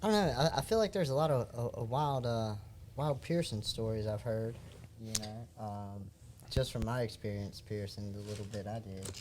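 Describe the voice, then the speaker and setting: A man's voice: on the low side, normal speed, darkish tone, a little hiss or hum. A man in a casual podcast chat who talks hesitantly, with lots of fillers.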